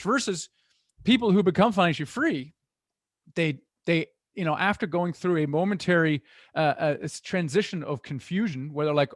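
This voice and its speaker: A middle-aged man talking as a guest in an interview, earnest and animated as he tells stories. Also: on the high side, moderate pace, no echo, studio quality. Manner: earnest, animated storytelling with restarts. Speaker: guest, real estate investor. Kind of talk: conversational interview.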